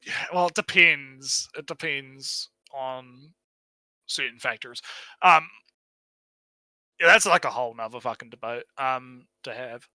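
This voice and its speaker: A man's voice: medium pitch, unhurried, bright, forceful tone, dry recording, low-quality recording. A man with a New Zealand accent chatting casually on a stream, rambling, swearing and laughing as he talks. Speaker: podcast co-host.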